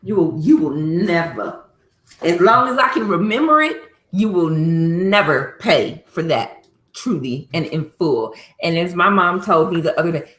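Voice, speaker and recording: A woman's voice: on the low side, expressive, normal speed, reverberant, rough recording. A woman co-hosting a podcast, chatting casually and scolding her co-host in exasperation, with bursts of laughter. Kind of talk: casual chat.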